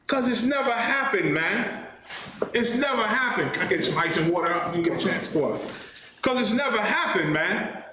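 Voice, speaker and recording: A man's voice: high voice, pushed and bright. A man hosting a show and giving heated, indignant commentary, driving his points home and repeating himself for emphasis. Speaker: host and teacher. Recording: very echoey room with faint noise.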